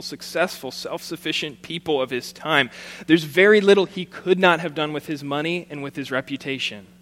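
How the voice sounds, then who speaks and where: A man's voice: a little high, a bit bright, a little hiss or hum. A man preaching a sermon, reading scripture aloud and then retelling it in plain, casual words. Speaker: pastor.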